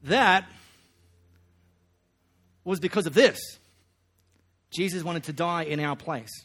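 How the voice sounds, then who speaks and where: A man's voice: a little high, slow pace, fairly bright tone. Slangy man preaching. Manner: folksy, joking, slangy delivery. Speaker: pastor. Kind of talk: sermon.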